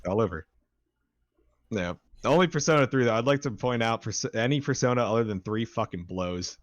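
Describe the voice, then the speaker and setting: A man's voice: mid-range voice, a little fast, dull audio. Profane young man telling stories. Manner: profane, animated storyteller. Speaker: band member, stream co-host. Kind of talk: casual chat.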